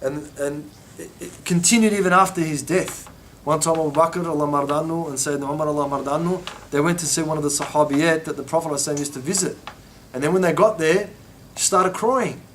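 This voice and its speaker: A man's voice: a little high, fast talker, fairly bright tone, a little hiss or hum. A man teaching an informal religious lesson, telling stories and acting out quoted voices with many restarts.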